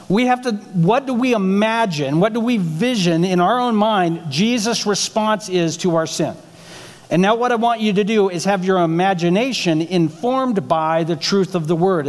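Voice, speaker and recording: A man's voice: high voice, normal speed, big-room sound. A male pastor preaching a sermon in a conversational way, asking the congregation rhetorical questions. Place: church sanctuary.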